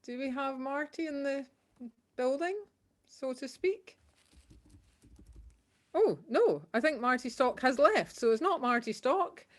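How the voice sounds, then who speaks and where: Woman, folk-session host over video call; slow, easygoing, lots of fillers. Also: sits high, animated. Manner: unhurried, with frequent ums. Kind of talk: casual hosting on a video call.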